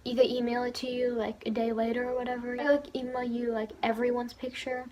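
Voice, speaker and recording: A woman's voice: fairly high pitch, flat delivery, fast talker, dark tone, slight background noise. A teenage girl telling a story on her vlog in a gushing, giggly way, with lots of fillers and laughter. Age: teens. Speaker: vlogger. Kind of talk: excited storytelling.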